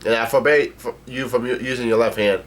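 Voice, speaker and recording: A man's voice: mid-range voice, fairly even intonation, a little fast, natural voice. A man voicing a fussy young male reindeer doctor from a manga, read aloud plainly with stumbles. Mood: scolding.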